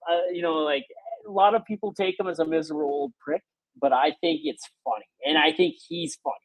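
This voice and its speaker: Gravelly profane man telling oilfield stories. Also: fairly high pitch, a little fast, no room sound, poor audio. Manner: profane, animated storyteller who acts out quotes. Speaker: podcast host. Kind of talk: casual storytelling chat.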